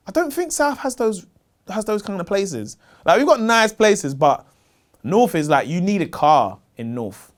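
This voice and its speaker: A man in his thirties with a South London accent, a stand-up comedian chatting casually in an interview, slangy and animated as he tells stories. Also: a little slow. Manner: animated, slangy storytelling, gets loud and high when excited.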